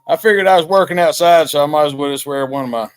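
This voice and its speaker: A man hosts a casual live-stream podcast, joking in a folksy, plainspoken way. His voice sits fairly high for a man. The sound is dry and close, with no room echo. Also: quick pace, clean tone. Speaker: podcast host.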